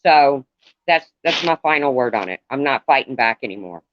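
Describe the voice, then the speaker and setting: A middle-aged man speaks to his live-stream viewers at an ordinary pitch. He rambles and stops to address commenters by name. The sound is dry and dull, like a lo-fi stream. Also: animated, moderate pace, dry recording.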